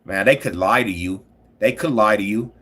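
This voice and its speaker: A man's husky, slightly raspy voice, pitched a little low, booming out boastful trash talk at friends during a live stream. He talks loud and slangy, needling rivals with heated sports banter. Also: normal speed.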